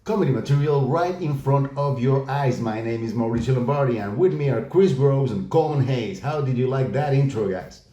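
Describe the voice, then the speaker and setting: A man's voice: mid-range voice, a little fast, few pauses, warm tone, roomy sound, lo-fi sound. A man hosting a comedy podcast with an upbeat, game-show-style delivery, chatting casually with his co-hosts. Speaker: podcast host.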